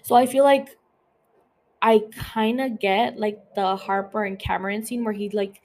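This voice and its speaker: A young woman talks fast and loose on her podcast, dropping swear words and fillers in nearly every sentence. Her voice sits at an ordinary middle pitch. She sounds like she's chatting with a friend. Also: fairly even intonation, a little mellow. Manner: fast, profane, lots of "like" fillers. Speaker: podcast host. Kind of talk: casual chat.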